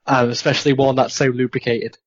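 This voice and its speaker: A man's voice: mid-range voice, level tone, brisk. A man in a tabletop game talks in a medium voice, joking wryly and playing at reluctance. His voice sits in an ordinary range. The audio is a bit muffled and lo-fi. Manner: wry, joking, mock-fearful. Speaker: player. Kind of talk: casual tabletop play.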